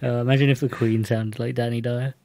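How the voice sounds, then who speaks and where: A man's voice: medium pitch, flat delivery, fast, mellow, slight background noise. An English man co-hosting a podcast, chatting casually, rambling, restarting his sentences and laughing often. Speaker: podcast co-host. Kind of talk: casual chat.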